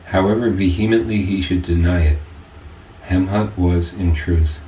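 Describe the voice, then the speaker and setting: A man reading his own audiobook aloud, with earnest, measured scripted narration. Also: low-pitched, warm tone. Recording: roomy distant-mic home recording with faint hiss.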